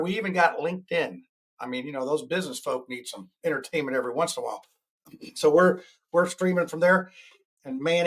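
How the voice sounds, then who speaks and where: A man in his sixties hosting a live-streamed talk show, rambling and joking and often correcting himself as he goes. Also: on the high side. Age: 60s.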